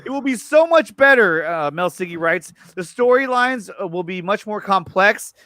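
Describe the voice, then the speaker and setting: A man hosting a casual chat about movie news. He is excited, repeats his words and often restarts his sentences. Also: high voice, normal speed, no echo, clean studio sound. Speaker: show host.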